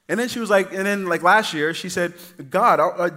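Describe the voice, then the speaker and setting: Male pastor, fairly high voice, lively sermon delivery that swings from loud to near-quiet. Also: fast talker, hardly any pauses. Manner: animated storytelling, acting out voices of his kids; casual, addresses the congregation as y'all.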